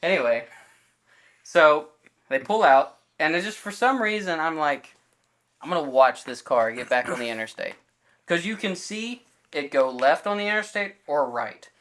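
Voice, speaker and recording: A man's voice: a little high, lively intonation, moderate pace, a bit bright. A man co-hosting a podcast in casual chat, telling a story and acting out the quoted lines of everyone in it, with loose fillers and self-corrections. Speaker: podcast co-host.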